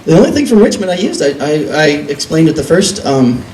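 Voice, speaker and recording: A man with a somewhat high voice tells a self-mocking story at a live reading, animated and swearing freely. The sound is roomy and echoey, picked up from a distance. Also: brisk, a little hiss or hum. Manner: animated, self-deprecating, profane. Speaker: author reading from his book. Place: record store reading event. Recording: roomy echo, distant mic.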